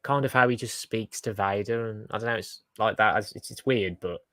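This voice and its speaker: A man's voice: fairly low pitch, brisk, fairly bright tone, no echo. A man who is a guest on a podcast, talking in a hesitant, casual way that often trails off. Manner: hesitant, full of fillers and trailing off. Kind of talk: casual chat.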